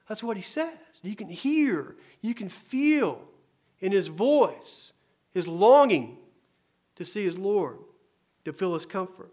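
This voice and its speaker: High-voiced pastor preaching with swelling intensity. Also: male voice, big pitch swings, slow pace. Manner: swings between soft murmurs and loud emphatic cries; earnest, repeats phrases for emphasis. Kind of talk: sermon.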